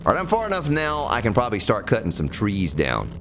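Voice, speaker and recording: A man's voice: fairly low pitch, wildly swooping pitch, fast, noisy background. A man giving folksy, joking commentary while streaming a survival game, chatting with viewers by name. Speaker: let's play streamer. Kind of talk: casual gameplay commentary. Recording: game music behind the voice.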